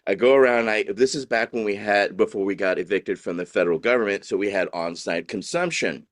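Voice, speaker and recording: A man from New Orleans telling a story in casual chat, acting out the people he quotes in high voices. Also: brisk, no room sound, studio quality. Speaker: guest, dispensary owner.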